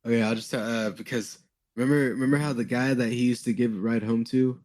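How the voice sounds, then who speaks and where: A man co-hosting a podcast in casual chat, speaking haltingly with many fillers. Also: mid-range voice, fairly even intonation, darkish tone. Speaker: podcast co-host.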